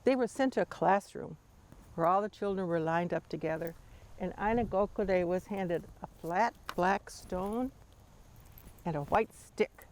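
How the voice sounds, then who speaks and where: An older woman telling a family story to her grandchildren in a measured, tender way. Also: lowish voice, darkish tone.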